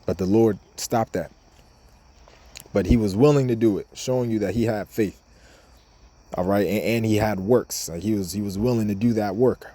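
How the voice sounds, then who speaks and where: A man's voice: fairly low pitch, moderate pace, long pauses, warm tone. A man giving an informal scripture lesson in a casual, repetitive way, reading verses aloud between his own comments. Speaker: bible teacher.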